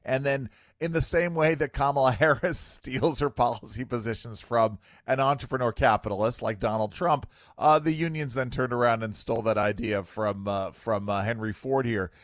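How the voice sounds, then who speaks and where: A man's voice: mid-range voice, normal speed, hardly any pauses, dry recording, studio quality. A man hosting a talk radio show, giving wry commentary with lots of fillers. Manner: wry, animated, filler-heavy. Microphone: studio microphone.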